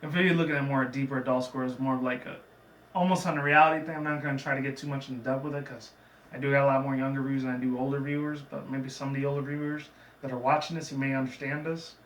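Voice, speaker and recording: A man's voice: medium pitch, fairly even intonation, quick pace, fairly bright tone. Man, casual cartoon recap, chatty and rambling, roomy sound, distant mic, faint noise. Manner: chatty, digressive, with frequent fillers and laughs. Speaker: cartoon episode reviewer.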